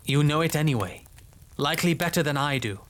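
An actor playing a solemn, earnest male lieutenant in an audio drama, measured and formal. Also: a little high, animated, fairly bright tone.

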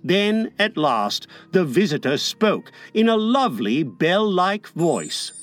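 A man narrating a storybook aloud in a dramatic way, shifting from hushed to lively. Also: sits high, slow, faint music behind. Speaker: audiobook narrator. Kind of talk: expressive storybook reading.

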